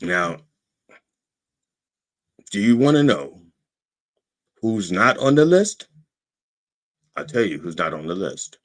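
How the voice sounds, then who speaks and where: A man's voice: deep voice, sing-song, takes it slowly, long pauses. A man hosting his own podcast, delivering a sarcastic, profane political monologue and punctuating his points with "okay?". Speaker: podcast host.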